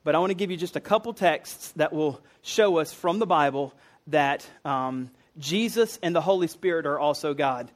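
A man's voice: on the high side, normal speed. A man preaching a conversational sermon, explaining loosely with fillers and restarts. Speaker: pastor teaching a series.

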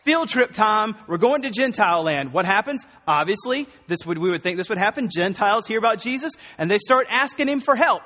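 Preaching a sermon, a pastor talks loosely and conversationally, full of quick asides, laughs, and self-corrections, in an animated manner. His voice sits high for a man, and the long reverb of a church hall surrounds it.

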